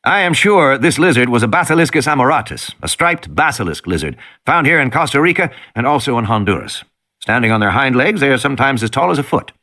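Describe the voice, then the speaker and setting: A man doing a soft Southern biologist. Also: medium pitch, very animated, fast, voice pushed up, exaggerated voice. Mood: explaining. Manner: patient, explanatory. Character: soft-spoken male American field biologist.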